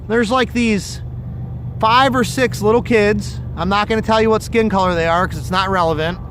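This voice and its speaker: A man's voice: high voice, steady tone, normal speed, fairly bright tone, slight background noise. A man hosting a fishing livestream from outdoors by the water, chatting casually and telling stories in a rambling, profane way. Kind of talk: casual chat. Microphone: phone or camera on a livestream.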